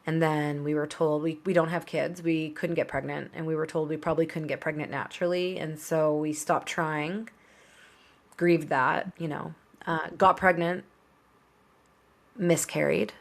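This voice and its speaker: Woman in her 30s, lowish voice, chatty and candid, telling her life story on a podcast. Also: steady tone, vocal fry. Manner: open, conversational, quick asides with laughs. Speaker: podcast guest.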